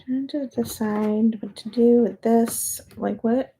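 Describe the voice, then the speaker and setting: A woman's voice: fairly high pitch, steady tone, measured pace, few pauses, mellow, a little hiss or hum. A young adult woman chatting casually while she works on a jigsaw puzzle, amused, and now and then talking to the pieces. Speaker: puzzle video host.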